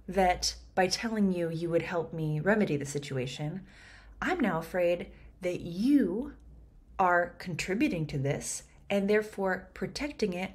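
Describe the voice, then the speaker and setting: Woman actor walking thru a scene line by line, kinda low voice, chatty, laughs a lot. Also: unhurried, husky. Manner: lively, chatty, breaks into laughs. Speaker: actor teaching Shakespeare.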